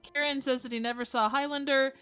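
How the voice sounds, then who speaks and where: A woman's voice: high-pitched, steady tone, fairly quick, fairly bright tone, soft background music. An American woman co-hosting a casual live stream, reading out chat and giggling playfully. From United States.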